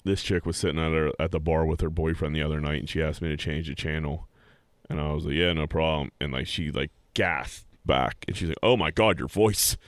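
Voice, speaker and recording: A man with a very deep, gravelly voice co-hosting a podcast in casual chat, swearing and laughing loudly as he tells stories. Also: level tone, brisk, no echo. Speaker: podcast co-host.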